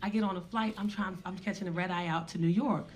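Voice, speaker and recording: A woman stand-up comedian telling a profane, animated story that builds to shouts. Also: fairly low pitch, quick pace. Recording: live club, crowd laughter. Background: audience laughter.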